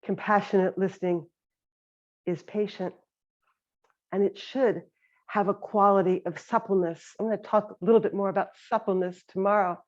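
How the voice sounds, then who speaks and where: A woman meditation teacher giving a gentle, reflective talk on compassionate listening. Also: medium pitch, fairly even intonation, normal speed. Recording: slightly dull lo-fi sound.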